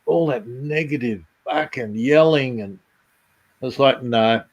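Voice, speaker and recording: A man's voice: medium pitch, slow pace, dull audio. Laid-back man on a chat call. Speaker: friend on call. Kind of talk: casual chat.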